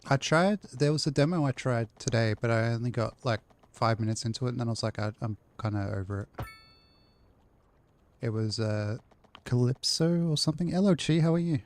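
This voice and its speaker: A man's voice: mid-range voice, a little fast, few pauses. A man live-streaming a city-building game, chatting casually and rambling to his chat while he plays.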